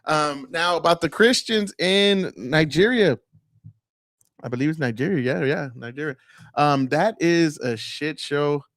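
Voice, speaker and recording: Male host, casual commentary, blunt and cussing, mid-pitched, dry mic. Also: dry recording. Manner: blunt, profane, rambling with many fillers.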